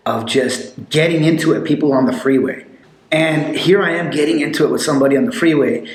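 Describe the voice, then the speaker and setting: A man telling loose, animated stories in a casual chat, with lots of fillers. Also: on the high side. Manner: rambling, animated storytelling with many fillers. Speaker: podcast guest telling stories. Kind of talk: casual storytelling. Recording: echoey room.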